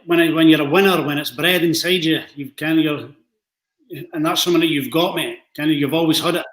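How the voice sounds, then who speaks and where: A man hosts a relaxed interview in a slightly raised voice, backing up his guest with encouragement. His voice carries a roomy echo. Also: a little high, brisk. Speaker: podcast host. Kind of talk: casual interview chat.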